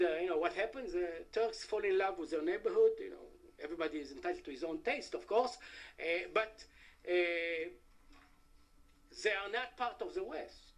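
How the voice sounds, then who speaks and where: Halting high-voiced man giving a talk. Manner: halting, many "uh" fillers, wry asides to the audience. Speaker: conference speaker. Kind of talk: academic conference talk. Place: conference hall.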